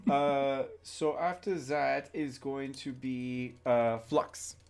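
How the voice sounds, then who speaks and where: A man's voice: mid-range voice, little pitch movement, slow pace, gravelly, clean tone. Man, game master, livestream tabletop session, chatty, laughing. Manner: laughing often, loose and chatty.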